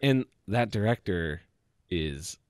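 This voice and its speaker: A man's voice: low-pitched, lively intonation, slow, a little mellow, no room sound, studio quality. A man co-hosting a podcast, easygoing and a little hesitant as he talks his thoughts through. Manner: easygoing, hesitant, thinks aloud. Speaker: podcast co-host. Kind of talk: casual chat.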